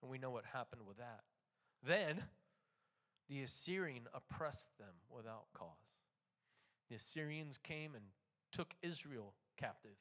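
Bright-voiced man preaching a sermon. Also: mid-range voice. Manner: swings from quiet reading to loud, excited proclaiming; reads scripture aloud, then explains it in casual talk.

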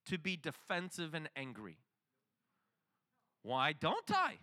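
A man's voice: fairly high pitch, huge pitch swings, slow pace, bright, forceful tone. A middle-aged man preaching a sermon, telling a story and acting out the dialogue.

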